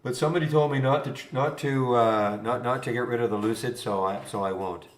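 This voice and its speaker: A man's voice: mid-range voice, brisk. Rambling man in a roomy room. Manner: rambling, chuckling, thinking aloud. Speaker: trading room host. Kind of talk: live trading stream chat. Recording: roomy echo.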